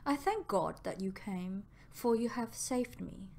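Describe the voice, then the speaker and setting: A woman's voice: expressive, a little slow, vocal fry, warm tone. A woman reading a weak, remorseful young woman. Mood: contrite. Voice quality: low, weak voice.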